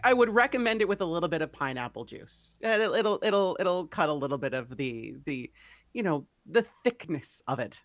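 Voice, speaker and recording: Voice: mid-range voice, big pitch swings, moderate pace, fairly bright tone, dry recording. Player talking as their character, lots of stammering, really dry close sound. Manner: hesitant, stammering, full of restarts. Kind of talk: tabletop role-play.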